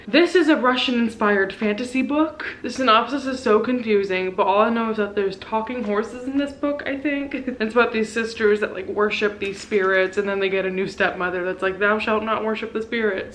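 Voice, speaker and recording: A woman in her twenties vlogging about books at home, chatty and gushing, quick to turn sentimental. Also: medium pitch, a bit bright, a little hiss or hum, poor audio. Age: 20s. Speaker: book vlogger. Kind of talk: casual chatty vlog.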